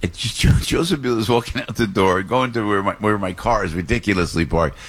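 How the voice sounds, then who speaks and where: A man hosting a talk radio show, reading live ads and interviewing guests in an excitable, rambling way in a studio. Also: lowish voice, a little fast. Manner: excitable, rambling, laughs through reads. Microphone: studio microphone.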